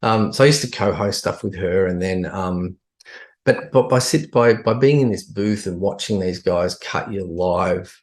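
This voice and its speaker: A man's voice: deep voice, unhurried. A middle-aged man with an Australian accent, chatting casually as a podcast guest, telling a story with many restarts and fillers. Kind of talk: casual chat.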